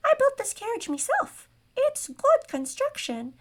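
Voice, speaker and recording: Woman putting on a squeaky old gnome man. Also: big pitch swings, a little slow, a bit bright, heavily acted. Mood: grumbling. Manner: huffy and boastful. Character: older male gnome merchant, squeaky, smug, grumpy.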